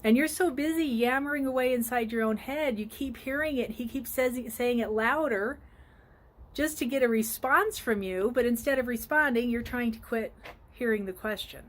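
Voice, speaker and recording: Woman life coach, casual outdoor phone vlog, earnest and chatty, slightly high pitch. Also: normal speed. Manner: earnest, conversational, with frequent ums. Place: outdoors by a flowering tree.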